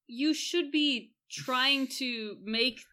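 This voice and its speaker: Bright, sarcastic woman recapping a film. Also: high voice, extremely slow, smooth. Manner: sarcastic, animated, swears freely. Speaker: podcast co-host. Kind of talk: casual film recap chat.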